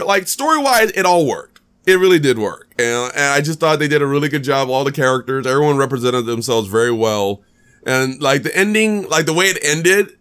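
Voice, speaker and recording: A man hosting a podcast, chatting casually about a movie, animated and rambling, repeating himself often and restarting his sentences. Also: mid-range voice. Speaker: podcast host. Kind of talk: casual movie review chat.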